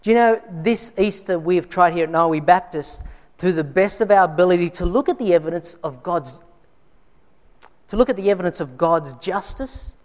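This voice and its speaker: A man's voice: sits high, animated, moderate pace. Man preaching in a reverberant hall. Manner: conversational storytelling, frequent restarts. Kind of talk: sermon with personal story. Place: church.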